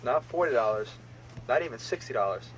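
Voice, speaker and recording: A man's voice: mid-range voice, expressive, fairly quick, a bit bright, low-quality recording. A man from a band's road crew, sitting on a tour bus and telling a laughing, profane anecdote to the camera. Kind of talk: casual storytelling to camera.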